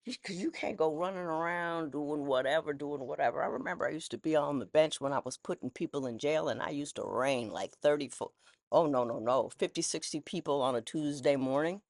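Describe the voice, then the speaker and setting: This woman, formerly a judge, reflects casually and candidly on personal matters in folksy, rambling speech that often restarts. Her deep, darkish voice moves fairly quickly, and the studio-quality audio has no echo.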